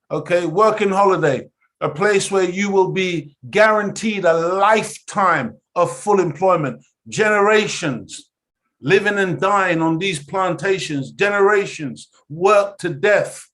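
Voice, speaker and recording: Man, fairly high voice, impassioned lecture, preacherly, emphatic. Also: a bit bright. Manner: emphatic, preacherly, often checks in with "okay?"; addresses listeners as family. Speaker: study group lecturer.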